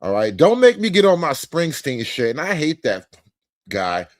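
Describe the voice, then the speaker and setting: Sex: man. Origin: United States. Role: commentary host. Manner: joking, profane, slangy. Pitch: fairly high, very lively. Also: moderate pace, no echo. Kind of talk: casual reaction commentary.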